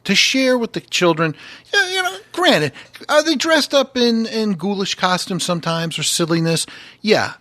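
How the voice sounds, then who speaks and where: A man's voice: sits high, very animated, normal speed, pushed and bright, dry recording. A man hosting a podcast in casual comedic chat, rambling and earnest, often restarting and repeating words. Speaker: podcast host. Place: podcast studio.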